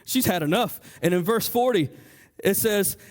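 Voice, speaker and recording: Speaking at normal speed in a voice that sits high, a male pastor preaches with lively animation in a church sanctuary. He voices the figures in his story, with plenty of stammers and fresh starts.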